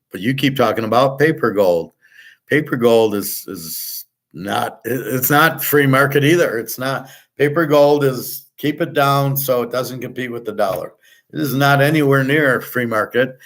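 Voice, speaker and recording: A man's voice: medium pitch, measured pace. A man with a mid-range voice delivers a long, exasperated rant, blunt and full of profanity. He circles back over the same point, restarting sentences as his irritation builds. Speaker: host. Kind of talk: ranting monologue.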